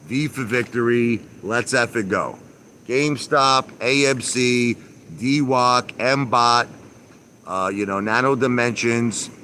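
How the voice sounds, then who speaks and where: A man's voice: mid-range voice, fairly bright tone, slight background noise. A man live-streaming from his backyard by a pool, ranting casually, repeating himself with emphasis and mild swearing. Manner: repetitive, emphatic, mildly profane.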